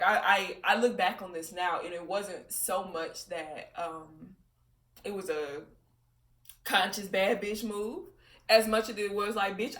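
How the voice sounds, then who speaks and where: Her voice is medium-pitched, bright, and forceful as she delivers a casual personal monologue from home. She reflects candidly and profanely, laughing often, and the audio sounds roomy and far from the microphone.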